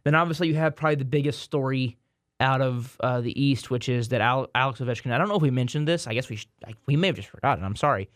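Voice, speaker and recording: A man's voice: medium pitch, fast, dry recording, clean studio sound. A man hosting a casual sports podcast, rambling through playoff picks with frequent restarts and repeated words. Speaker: podcast host.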